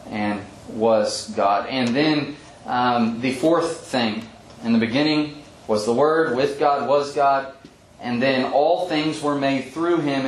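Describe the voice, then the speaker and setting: Guy teaching a bible passage, thinking out loud, roomy echo, faint hum behind. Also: medium pitch. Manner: thoughtful, explanatory, with frequent ums and restarts. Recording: echoey room with faint background hum.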